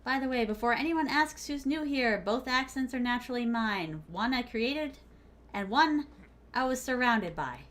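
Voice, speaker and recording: A woman's voice: a little high, lively intonation, normal speed, fairly bright tone, slight background noise. A young woman from the American South with a Southern accent, streaming a game and commenting live in a playful, teasing way, calling viewers by pet names. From Southern United States.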